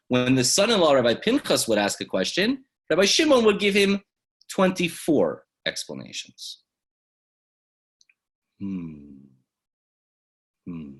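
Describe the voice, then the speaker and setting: A man, a rabbi, teaching a lesson through dramatic storytelling that swings from loud exclamations to hushed asides. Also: medium pitch, breathy edge.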